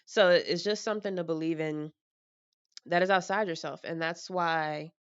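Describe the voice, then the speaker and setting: Frank, low-voiced young woman musing aloud. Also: steady tone, normal speed, clean tone, no room sound, dull audio. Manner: frank and rambling, with mild swearing. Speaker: vlogger. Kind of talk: casual personal talk.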